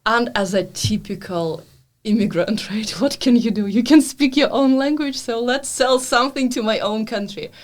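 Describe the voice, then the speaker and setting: A woman in her thirties from Russia, with a Russian accent, speaking as a guest in a podcast interview. She tells lively stories and laughs often. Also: on the high side, normal speed. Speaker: guest, business consultant. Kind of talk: podcast interview, casual chat.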